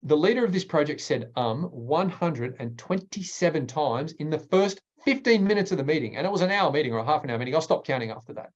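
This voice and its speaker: A man, a speaking coach presenting a workshop in an energetic, emphatic way with deliberate pauses. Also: muffled recording. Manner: energetic, emphatic, varies pitch widely.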